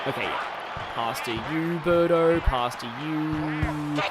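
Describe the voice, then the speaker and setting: A game streamer giving excitable live commentary, often yelling at the game and wandering into chatty asides with lots of fillers. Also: medium pitch, slow. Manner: excitable, talks to the game, yells at big moments; rambling asides with many fillers. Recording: game music playing loud under the voice. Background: game music.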